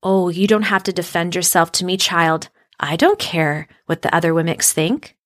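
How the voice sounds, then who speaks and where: A woman voicing a large, bearded male woodcarver who speaks gently, slowly and reassuringly. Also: lowish voice, no room sound, clean studio sound, natural voice.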